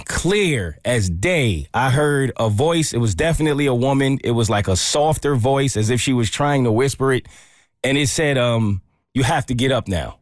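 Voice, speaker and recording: A young man, a radio show co-host, telling a story in a relaxed, chatty way. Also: medium pitch, dry recording, clean studio sound. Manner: relaxed, conversational, with frequent restarts. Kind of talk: casual storytelling on a morning show.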